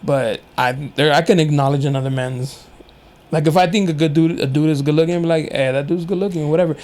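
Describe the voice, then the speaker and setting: A man's voice: fairly high pitch, quick pace, darkish tone. A young man hosting a casual podcast chat, telling stories animatedly, acting out quoted voices and laughing often. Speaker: podcast host.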